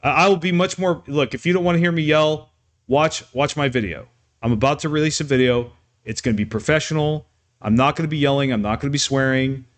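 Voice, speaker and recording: Animated man ranting on a live stream. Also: a little high, brisk. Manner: animated, ranting, many restarts and fillers. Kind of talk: off-the-cuff live stream rant.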